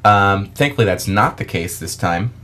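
A man's voice: fairly low pitch, animated, moderate pace, sharp tone. A tired man co-hosting a casual podcast, sounding groggy and making dry self-deprecating jokes. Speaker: podcast co-host. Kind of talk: casual chat.

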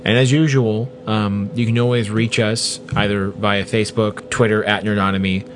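A man's voice: on the low side, little pitch movement, normal speed, slight background noise. A man co-hosting a podcast, chatting casually and upbeat as he runs through the plugs. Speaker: podcast co-host. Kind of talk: casual chat. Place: podcast recording room.

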